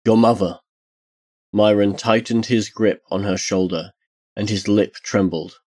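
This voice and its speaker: A man reading a dark fantasy tale aloud in a measured, solemn storytelling manner. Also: lowish voice, steady tone. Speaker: narrator.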